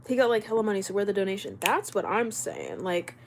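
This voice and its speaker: A young woman live streaming from home, chatting casually, reading out comments and firing back quick retorts with frequent laughs. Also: medium pitch, big pitch swings, a little hiss or hum. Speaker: livestreamer. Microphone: camera mic while live streaming.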